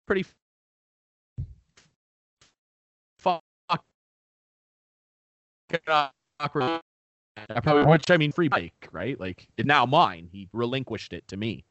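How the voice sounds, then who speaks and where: A man's voice: medium pitch, fairly bright tone, no room sound, lo-fi sound. A man co-hosting a podcast, telling a story in casual, profane chat over a remote call. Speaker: podcast co-host. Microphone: remote call mic.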